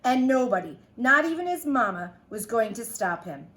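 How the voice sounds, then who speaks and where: Animated woman teacher reading aloud. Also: on the high side, moderate pace. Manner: animated, chatty asides to kids. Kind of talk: reading a picture book aloud to children. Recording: echoey room.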